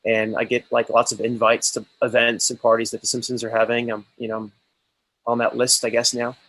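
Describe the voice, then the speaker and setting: A man of middle pitch, telling stories as an interview guest. He talks with eager energy and often restarts his sentences. The room is dry, with no echo at all. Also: completely flat delivery, fairly quick, fairly bright tone. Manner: enthusiastic storytelling, many restarts. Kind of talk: casual interview chat.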